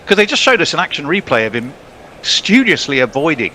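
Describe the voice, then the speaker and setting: A man's voice: on the high side, big pitch swings, a little fast, sharp tone, a little hiss or hum. A man doing ball-by-ball cricket commentary in a playful, joking way, often laughing. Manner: playful, laughing, jokey banter.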